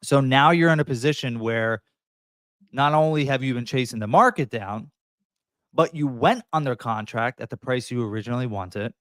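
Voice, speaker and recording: Emphatic real estate agent. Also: male voice, medium pitch, moderate pace, fairly bright tone, no room sound, studio quality. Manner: emphatic, coaching tone, acts out buyers and sellers. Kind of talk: direct-to-camera advice talk.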